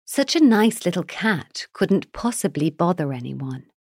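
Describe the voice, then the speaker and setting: A woman reading as a snappy young girl, low creaky voice. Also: sing-song, measured pace, no room sound, clean studio sound, exaggerated voice. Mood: scolding. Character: quarrelsome young girl neighbor, cat owner.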